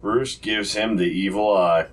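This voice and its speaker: A man playing in a tabletop game, calmly explaining his moves and the rules. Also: fairly low pitch, a little slow. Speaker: player. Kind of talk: casual tabletop game chat.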